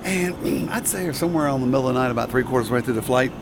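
A man's voice: medium pitch, expressive, quick pace, noisy background. A man flight attendant recalling an in-flight incident in a hesitant, rambling way. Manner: hesitant, many fillers and restarts. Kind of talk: casual storytelling.

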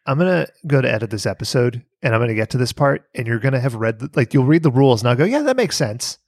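A man's voice: medium pitch, racing, vocal fry, dry recording, clean studio sound. A man co-hosting a podcast, rambling and laughing in casual banter. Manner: animated, rambling, laughing often. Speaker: podcast co-host and editor.

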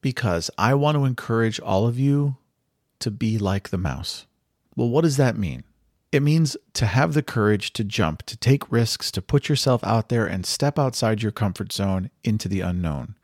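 Gravelly, earnest male podcast host. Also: on the low side, animated, moderate pace, a little mellow, no echo, studio quality. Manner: earnest, reflective, encouraging. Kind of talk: storytelling monologue.

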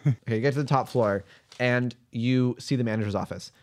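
A man's voice: mid-range voice, a little fast, darkish tone. A man running a tabletop game as game master, narrating scenes casually with frequent fillers and restarts.

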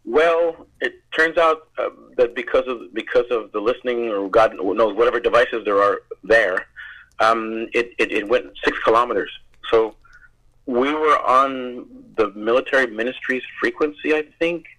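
A man's voice: medium pitch, normal speed, pushed and bright, rough recording. An American man, a guest actor, telling rambling stories in an interview, repeating words and laughing often. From United States. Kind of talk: casual interview storytelling.

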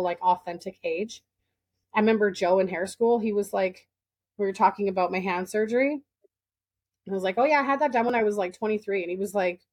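A woman's voice: mid-range voice, darkish tone. A woman in her late twenties co-hosting a podcast in casual chat, swearing freely and acting out other people's lines as she tells stories. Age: late 20s. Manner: swears freely, acts out quoted dialogue in storytelling. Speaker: podcast co-host.

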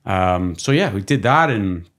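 A man guesting on a podcast, his voice sitting low as he spins loose, animated stories. He laughs easily and slips into quick impressions of the people in them. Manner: laughing, animated storyteller who mimics people. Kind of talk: casual storytelling.

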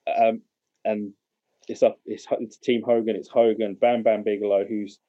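Low, mellow-voiced male podcaster. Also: moderate pace, highs cut off. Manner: relaxed, hesitant, with fillers. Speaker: podcast co-host. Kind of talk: casual chat.

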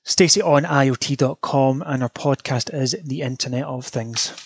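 A man runs through the week's smart-home news on his own, chatty and informal, with the odd swear word. His voice sits at an ordinary middle pitch. The recording is dry and close, with no room sound. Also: normal speed, vocal fry, slightly rough, dry recording. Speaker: podcast host. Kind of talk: casual solo news roundup.

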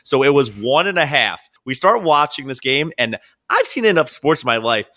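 A man hosting a podcast, telling a story about a bet in a wry, deadpan way. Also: medium pitch, moderate pace. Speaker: podcast host. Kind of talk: casual storytelling chat.

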